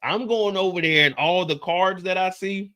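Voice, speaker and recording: Bright-voiced excitable male recap host. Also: sits high, moderate pace. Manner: excitable, acts out scenes with gunshot sound effects; profane slangy storytelling. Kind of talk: animated episode recap commentary.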